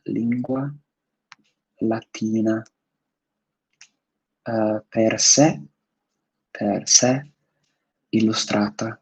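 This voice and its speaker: A man's voice: on the low side, gravelly, a little mellow, breathy edge, no room sound, low-quality recording. A man hosting a live stream, answering viewer questions in a thoughtful, casual way with many fillers, sometimes switching languages. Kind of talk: live Q&A chat.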